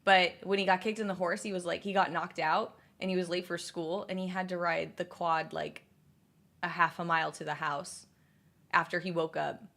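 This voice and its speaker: A woman's voice: on the low side, flat delivery, moderate pace, vocal fry, fairly bright tone. Rambling woman streamer chatting with viewers. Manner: rambling, answers chat messages, many fillers and restarts. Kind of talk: casual livestream chat.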